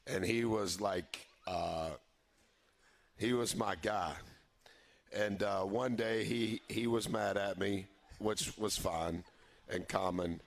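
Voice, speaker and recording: A man, a head basketball coach, telling an animated story on a radio show, chuckling often and jumping up in pitch when he quotes himself. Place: live broadcast from a barbecue restaurant.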